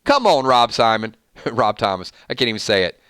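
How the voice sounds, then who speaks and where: Bright, crisp-voiced man hosting a stream. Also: medium pitch, moderate pace, no echo, studio quality. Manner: playful, animated, reading out votes. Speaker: host. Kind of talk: live-stream music matchup chat.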